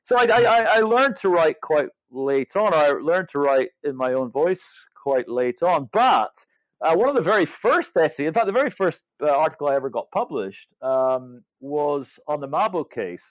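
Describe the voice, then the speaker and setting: A man's voice: on the high side, big pitch swings, normal speed, no echo. A man in his fifties or older, an author speaking as a guest, talking thoughtfully with many hesitations and restarts. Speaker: author and legal scholar guest. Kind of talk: reflective interview conversation. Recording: dull, dry lo-fi sound.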